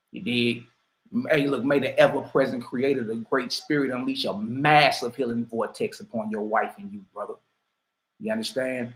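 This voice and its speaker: A man's voice: on the high side, a bit bright, reverberant, rough recording. A man teaching spirituality in an emphatic preaching style, full of slang and asides to his listeners. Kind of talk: preaching commentary.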